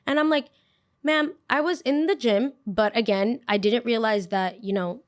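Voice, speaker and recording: A young woman hosting a podcast, telling a story in a casual, animated way and repeating phrases for emphasis. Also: fairly high pitch, moderate pace, dry recording, clean studio sound. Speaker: podcast host.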